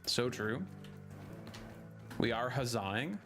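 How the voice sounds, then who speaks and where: A man's voice: mid-range voice, fairly even intonation, measured pace, long pauses. A young man giving casual gameplay commentary, joking and laughing at himself as he plays. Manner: joking, giggly, self-mocking. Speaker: gaming streamer. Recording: music playing under the voice.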